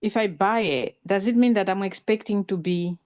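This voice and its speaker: A woman's voice: medium pitch, moderate pace, a little mellow, no room sound. A woman asking questions on a video call, polite and apologetic.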